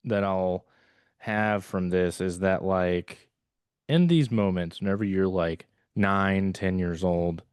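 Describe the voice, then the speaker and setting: A man's voice: low-pitched, slow, a little mellow, clear, resonant tone, no room sound, studio quality. A man co-hosting a podcast, chatting casually in a rambling, hesitant way with frequent laughs and filler words. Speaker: podcast co-host. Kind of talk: casual chat.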